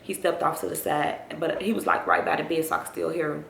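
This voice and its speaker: A woman's voice: sits low, level tone, fast talker, creaky, a bit bright, a little hiss or hum. A young woman telling a personal story on her vlog, rambling and talking straight to her viewers. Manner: rambling, addresses viewers directly. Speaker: vlogger. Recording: roomy echo.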